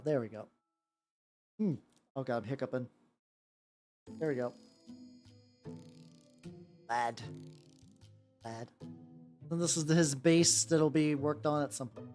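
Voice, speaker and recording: A chatty miniature-painting VTuber talks to a live stream audience while working. The voice swings widely in pitch and rambles in loose, profane asides. Soft background music plays underneath. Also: sing-song, quick pace. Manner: rambling and profane, with frequent self-restarts; greets and chats with viewers while working. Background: faint background music.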